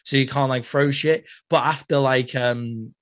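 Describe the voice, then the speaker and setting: A man's voice: mid-range voice, steady tone, unhurried, a bit bright. A young man from England with a British accent, hosting a podcast in casual chat and swearing freely. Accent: British English. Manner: chatty, swears a lot, laughs often. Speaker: podcast host.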